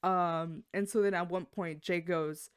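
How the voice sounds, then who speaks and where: A young adult woman, a podcast co-host, casually telling work stories in an animated way, swearing and acting out the voices of people she quotes. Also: fairly low pitch, a little slow, clean tone, no room sound, clean studio sound. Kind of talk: casual storytelling chat.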